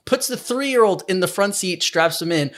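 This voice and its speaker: A man's voice: high-pitched, expressive, normal speed, a bit bright. A young man telling a rambling, swear-filled story in casual chat. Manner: rambling anecdote, swearing, laughs often.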